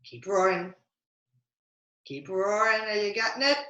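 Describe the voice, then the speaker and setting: A woman's voice: on the low side, big pitch swings, slow pace, sharp tone, roomy sound, lo-fi sound. A woman teaching yoga to children over a video call, playfully coaching them through a picture-book story. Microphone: video call mic.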